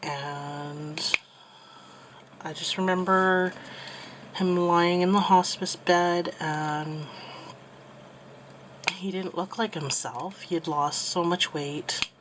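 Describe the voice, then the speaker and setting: A woman in her thirties speaks softly in a lowish voice, pausing often and filling gaps as she talks. She is tearful and close to crying. A faint hiss sits under the recording. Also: fairly even intonation. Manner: soft, halting, with many pauses and fillers. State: tearful, getting emotional. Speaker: crafting channel host. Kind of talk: personal storytelling while crafting.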